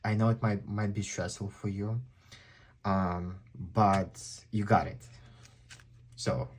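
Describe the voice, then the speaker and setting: A man with a non-native English accent giving a chatty, excitable pick-a-card tarot reading. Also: on the low side, slow, slight background noise. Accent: non-native English speaker. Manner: chatty, excitable, exclaims often. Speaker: tarot reader.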